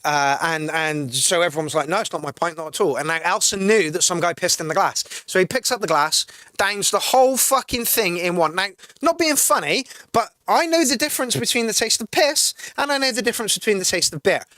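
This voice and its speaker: A man's voice: high voice, expressive, a little fast, pushed and bright, dry recording. A man hosting a casual live music-review stream, reading out chat comments and swearing freely as he rants. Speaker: livestream music review host.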